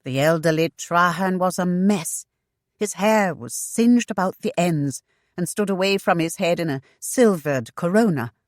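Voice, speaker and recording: Audiobook narrator: woman, low-pitched, very slow, dry close recording. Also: lively intonation, no room sound. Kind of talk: scripted narration.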